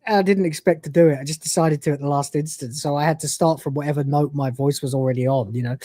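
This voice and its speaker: A man's voice: a little high, fairly quick, darkish tone, no room sound, studio quality. A man hosting a live review stream, ranting and swearing in exasperation. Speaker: host.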